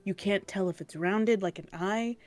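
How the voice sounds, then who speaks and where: A woman narrating a tabletop game as game master, slow and playfully descriptive. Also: mid-range voice, a little mellow.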